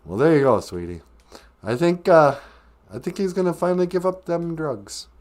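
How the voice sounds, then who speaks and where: Comic podcast host, male, meandering and dry, very animated pitch. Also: normal speed. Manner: deadpan, sarcastic, meandering. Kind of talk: rambling comic podcast talk.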